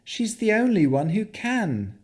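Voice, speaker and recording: A woman's voice: medium pitch, big pitch swings, unhurried, darkish tone, voice pushed up. A male narrator voicing a composed young female warlock who speaks steadily and firmly. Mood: urgent.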